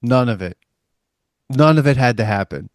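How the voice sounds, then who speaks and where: A man, co-hosting a podcast and retelling film scenes in an animated way. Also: medium pitch, normal speed, no echo, clean studio sound. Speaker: podcast co-host. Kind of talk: casual chat.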